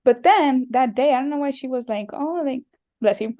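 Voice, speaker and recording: A woman's voice: sits high, a little fast, mellow. A young woman hosting a podcast, telling stories in casual chat and laughing often. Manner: chatty storytelling, laughing often. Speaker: podcast host.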